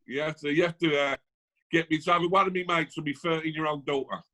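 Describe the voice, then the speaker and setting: A man's voice: a little high, fairly even intonation, quick pace, pushed and bright. A man hosting a casual chat over a video call, joking and teasing his guest. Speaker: host.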